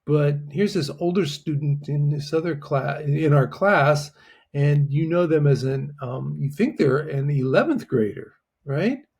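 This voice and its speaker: A man's voice: fairly high pitch, a little slow, vocal fry, darkish tone, slightly rough. A man teaching a Chinese lesson in a patient, explanatory way, often checking in with "right?". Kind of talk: online language lesson.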